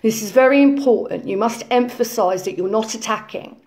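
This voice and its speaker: A woman's voice: a little high, a little fast, a little mellow, natural voice. A woman playing a rambling smug influencer. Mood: preachy. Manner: rambling, full of ums, repeats herself. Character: self-important woman conspiracy influencer, preachy and rambling. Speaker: lecturing influencer character. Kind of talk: parody lesson monologue.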